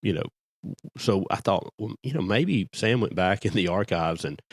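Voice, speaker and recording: Low-voiced, wry middle-aged man. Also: lively intonation, moderate pace, slightly rough, dry recording, studio quality. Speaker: podcast co-host. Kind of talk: casual chat.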